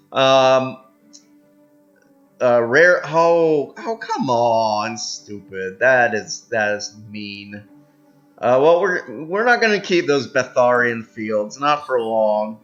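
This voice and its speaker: A man's voice: medium pitch, sing-song, takes it slowly, fairly bright tone, lo-fi sound, soft background music. A young man giving casual commentary on a strategy game he is playing, thinking aloud with lots of fillers and laughs, and reading event text aloud. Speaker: gameplay commentator.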